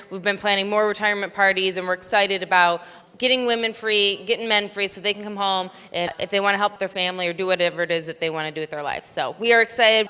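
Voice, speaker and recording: A woman at a business convention speaks earnestly from the stage of a large venue, telling stories and quoting others in her own voice. Her mid-range tone is pushed and bright, clear and resonant, and the big hall adds a long reverb.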